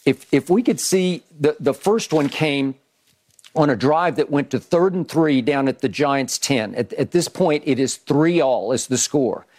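A man's voice: medium pitch, measured pace. A man hosting a sports debate show, recounting plays emphatically with frequent restarts. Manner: animated, restarts often, emphatic play-by-play recounting.

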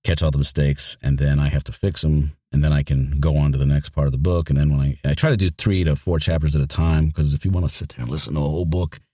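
A man's voice: extremely low pitch, steady tone, quick pace, hardly any pauses, dark tone, dry recording, studio quality. A man who narrates audiobooks, talking casually in an interview, rambling and restarting his sentences often. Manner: rambling, with many restarts and repeated words.

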